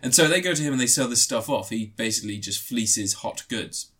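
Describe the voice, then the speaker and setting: A man's voice: medium pitch, animated, a little fast, fairly bright tone. A man giving a rambling, crude, joke-filled film review, swearing often. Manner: rambling, crude, swears a lot, jokey asides. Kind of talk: casual comedic film review.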